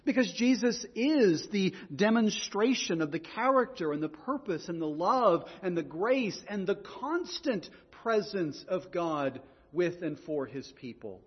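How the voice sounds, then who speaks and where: A man's voice: high voice, big pitch swings, a little slow, few pauses, husky, big-room sound, lo-fi sound. A man preaching a sermon in an earnest way, often repeating words as he goes. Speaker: pastor.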